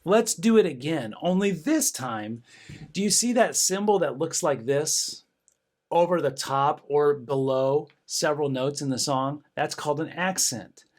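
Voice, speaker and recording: A middle-aged band director with a higher, darkish voice leads a music lesson demonstration at a measured, expressive pace. He encourages his students, counts rhythms out loud, and breaks into bursts of cheering.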